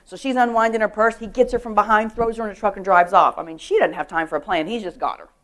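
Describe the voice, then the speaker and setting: A middle-aged woman speaks to a women's church group in an animated way. She tells stories about staying safe, acts out what people said and asks her listeners questions. Her voice sits at an ordinary middle pitch. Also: quick pace. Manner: lively storytelling, acts out quotes, asks the audience questions. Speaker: guest speaker on personal safety.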